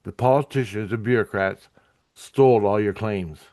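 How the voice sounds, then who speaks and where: A man voicing a priest from his vision, giving brief, matter-of-fact replies in his own low voice. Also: normal speed, darkish tone, no echo, studio quality, close to an everyday voice. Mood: calm. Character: calm male priest speaking in a vision.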